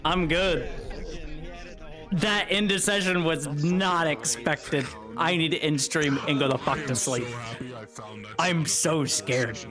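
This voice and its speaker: A young man streaming from home, signing off after a role-play session in an excitable, sweary, laughing way. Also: fairly high pitch, slow pace, over music. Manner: excitable, swears a lot, laughs between lines. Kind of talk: casual sign-off chat to stream chat.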